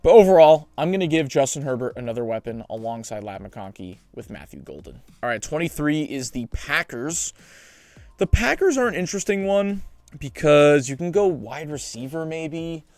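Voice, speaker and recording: A young man hosting a sports show, giving chatty, animated mock draft commentary with joking asides. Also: fairly high pitch, moderate pace.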